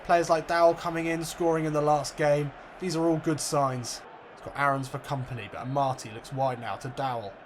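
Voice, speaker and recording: A man commentating his own football video game play by play, swearing and yelling when things go wrong. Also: fairly high pitch, slight background noise. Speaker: gaming commentator.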